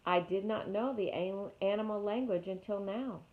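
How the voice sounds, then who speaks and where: A woman voicing a calm, polite female robot who speaks slowly and plainly, read from a storybook. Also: mid-range voice, lightly acted. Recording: tinny phone-like audio.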